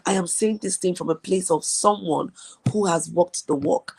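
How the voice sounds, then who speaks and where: A woman's voice: on the low side, normal speed, creaky, a little mellow, husky. A woman from Nigeria hosting a live stream, giving an earnest motivational talk and repeating key phrases for emphasis. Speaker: host.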